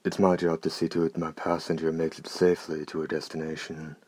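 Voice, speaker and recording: A man's voice: flat delivery, a little fast, a little mellow. A man voicing a blunt, coarse, hard-bitten male coach driver in an audiobook. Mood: defiant. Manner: blunt, coarse, low-voiced. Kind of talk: audiobook character reading.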